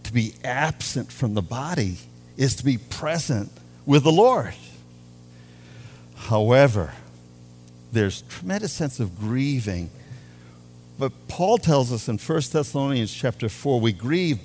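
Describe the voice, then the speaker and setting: A man preaching a sermon as a pastor, with animated delivery, drawing out key words for emphasis. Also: medium pitch, measured pace, pauses often, soft background music.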